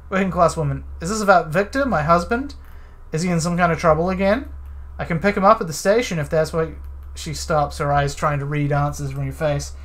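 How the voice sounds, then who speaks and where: Animated man reading a game aloud. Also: on the high side. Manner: animated, reads dialogue choices aloud. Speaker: let's play streamer. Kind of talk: casual let's play, reading game text aloud.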